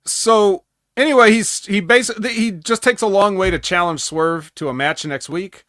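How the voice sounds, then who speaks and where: A man co-hosts a casual wrestling recap podcast, rambling and tossing in sarcastic asides. His voice is high and fairly bright at a normal speed, recorded at studio quality with no echo.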